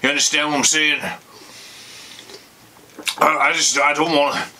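A man's voice: on the high side, fairly even intonation, normal speed, pushed and bright, a little hiss or hum. A man giving a rambling, profane comic rant to camera, slurring and emotional like a drunk, calling his audience folks. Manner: rambling, profane, repeats "folks" and "you bastards". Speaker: comedy vlogger.

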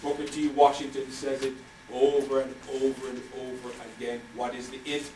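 Older male professor, measured emphatic delivery, distant mic in an echoey lecture hall with faint noise. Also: mid-range voice, completely flat delivery, warm tone. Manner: measured, emphatic, repeats key phrases. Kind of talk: university lecture.

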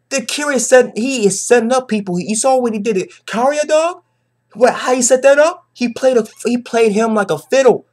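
A young man giving an excited, slangy, profanity-laced casual recap of an anime episode, often repeating himself. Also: high-pitched. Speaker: anime reaction vlogger.

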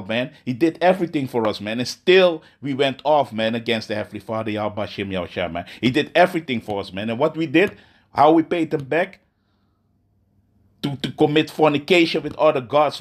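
Man preaching casually, "man" after every line. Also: mid-range voice. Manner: ends nearly every phrase with "man", restarts often, reads verses slowly. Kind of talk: informal sermon with scripture reading.

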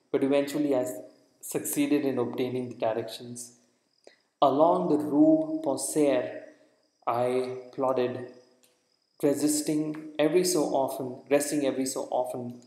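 A man reads a first-person book chapter aloud, earnest and a little halting, often going back to correct himself. His voice sits at a middle pitch. It echoes around a room with a long reverb tail. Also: mellow. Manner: earnest reading with frequent restarts. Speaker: audiobook reader.

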